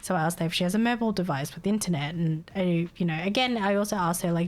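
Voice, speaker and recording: A woman's voice: medium pitch, lively intonation, fast, few pauses. A woman streamer telling a story to her chat in a casual way, exasperated, swearing freely and laughing often.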